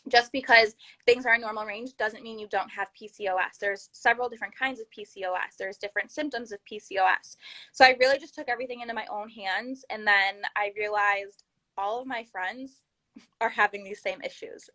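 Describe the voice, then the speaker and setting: Bright-voiced woman telling her story. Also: medium pitch, a little fast, poor audio. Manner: earnest, animated storytelling with acted-out quotes. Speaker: guest. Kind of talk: candid personal story in a podcast interview.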